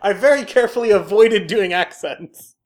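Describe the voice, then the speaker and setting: A woman's voice: mid-range voice, slight background noise. Giggly woman co-hosting a podcast. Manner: giggly, animated, quick to laugh. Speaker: podcast co-host. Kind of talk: casual chat.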